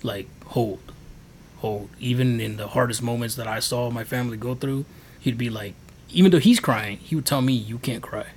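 A man recounts his faith testimony as a guest on a podcast, rambling earnestly and casually with many fillers. He talks at normal speed in a mid-range voice, with a little hiss or hum.

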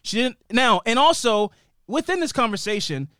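A young adult man co-hosting a podcast, recapping a TV episode in an animated, rambling way. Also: very high-pitched, normal speed, smooth, no echo, studio quality. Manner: animated, rambling storyteller who acts out scenes. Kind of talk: casual recap chat.

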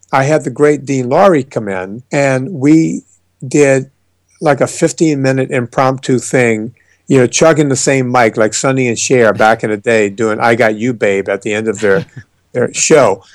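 A man's voice: mid-range voice, moderate pace, no room sound. A man, a fitness trainer and author, telling stories in a casual podcast interview with emphatic, joking delivery. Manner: animated storyteller, emphatic and joking.

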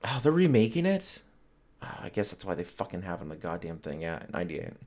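Male podcast host, deep voice, rambling, foul-mouthed, jokey. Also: big pitch swings, a little fast, darkish tone. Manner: rambling, profane, joking. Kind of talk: casual solo podcast chat.

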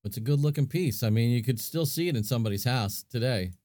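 With a warm mid-range voice and lively intonation, this fast-talking man co-hosts a podcast in casual conversation. He works through his thoughts aloud, sprinkling in plenty of fillers. The audio is clean studio sound with no echo.

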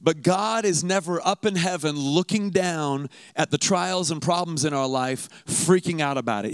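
Male pastor preaching, chatty and emphatic, smooth clear voice. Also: fairly high pitch, normal speed, few pauses, dry recording. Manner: conversational, emphatic, repeats words for effect. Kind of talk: sermon.

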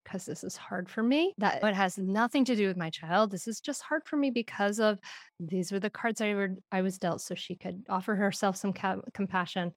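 A woman's voice: mid-range voice, moderate pace, no room sound, clean studio sound. A woman talking about parenting as a podcast guest. She tells stories with animation and laughs often. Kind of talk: podcast conversation.

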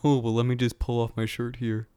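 A man's voice: medium pitch, monotone, fairly quick, mellow, smooth, dry recording, clean studio sound, close to an everyday voice. A man playing a foul-mouthed sulky kung fu hero. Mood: sulky angry. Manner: swearing, grumbling. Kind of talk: comedic re-enactment of a film scene.

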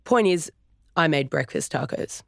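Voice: medium pitch, lively intonation, unhurried, vocal fry, a bit bright, no room sound, clean studio sound. A narrator voicing a cheerful middle-aged dad who jokes easily in a storybook reading.

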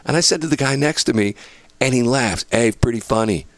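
A man telling stories in a casual, animated way, laughing as he goes and acting out what other people said. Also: mid-range voice, a little fast, no echo. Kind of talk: casual storytelling chat.

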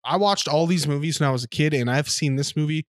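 A man's voice: fairly high pitch, fast, no room sound, studio quality. A man co-hosting a podcast, telling crude, off-color, meandering jokes about a film. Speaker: podcast co-host. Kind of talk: casual movie-review chat.

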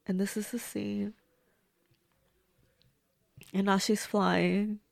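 A woman's voice: mid-range voice, level tone, takes it slowly, creaky, no room sound. A woman giving casual, blunt, reactive commentary as she watches and reviews a movie. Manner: chatty, blunt and reactive, swears freely.

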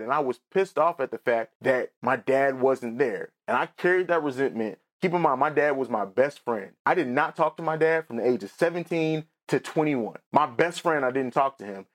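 A man in his thirties hosting a podcast, telling a personal story in a candid, rambling way with many restarts and some tears. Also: mid-range voice. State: tearful. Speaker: podcast host.

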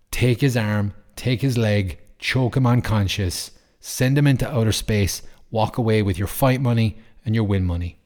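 A man's voice: on the low side, darkish tone. A man hosting a podcast, talking casually and bluntly, with plenty of swearing and rants. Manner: blunt, profane, ranting. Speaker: podcast host. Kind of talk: casual opinion chat.

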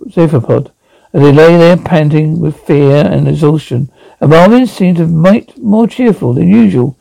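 A man's voice: on the high side, gravelly, mellow, no echo, low-quality recording. A man reading an audiobook aloud, often stumbling and correcting himself. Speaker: audiobook reader. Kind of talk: audiobook narration.

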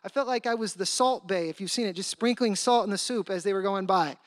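A man delivers a storytelling sermon with a high, bright-edged voice. He jumps into character voices for the people in his anecdote, keeping it animated. The sound is dry and close. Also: a little fast, no echo. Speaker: pastor.

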